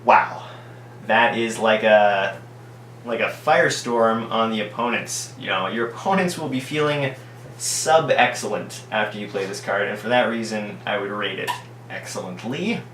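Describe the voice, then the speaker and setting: A man's voice: fairly low pitch, normal speed, a bit bright. A man reviewing trading cards in a casual, ironic way, reading out card text and heaping mock praise on every card. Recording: echoey room, distant mic, faint hum.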